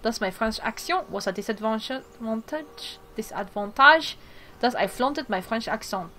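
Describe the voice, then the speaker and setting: A woman's voice: on the high side, a little slow. Woman reading game text aloud. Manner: reads narration, then breaks off into excited asides. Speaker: let's play streamer.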